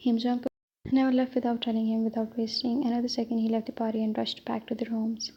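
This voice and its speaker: A woman reading a fan-fiction story aloud in an even way, stumbling now and then. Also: fairly high pitch, fast talker, husky. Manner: flat, even reading with small slips. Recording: dull lo-fi with faint hiss.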